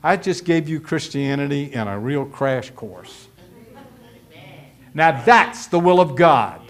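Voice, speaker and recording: Male pastor, middle-aged, higher voice, folksy emphatic pulpit delivery with acted asides. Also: animated, slow. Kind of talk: sermon.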